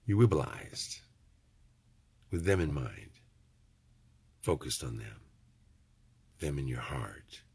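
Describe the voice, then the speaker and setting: A man's voice: extremely low pitch, very animated, slow, long pauses, a little mellow, slight background noise. A middle-aged man, rambling in a folksy, preachy vlog monologue with joking asides. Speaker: vlogger.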